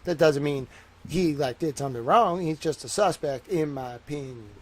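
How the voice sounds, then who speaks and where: A man's voice: on the high side, normal speed. A man hosting a casual livestream. He rambles cheerfully to his viewers and thinks aloud while he types. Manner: chatty and upbeat with viewers. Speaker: livestream host.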